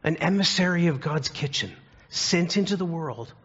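A man's voice: on the high side, lively intonation, normal speed, a bit bright, slightly rough. A man preaching a sermon, telling stories and asking the congregation earnest questions. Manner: earnest storytelling with rhetorical questions. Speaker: pastor. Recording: dull lo-fi recording.

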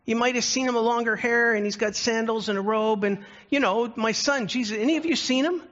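A man voicing God as a grieving father desperately searching for his lost son, in a dull lo-fi recording. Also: fairly quick. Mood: pleading. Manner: shouting, pleading, high-pitched and distraught.

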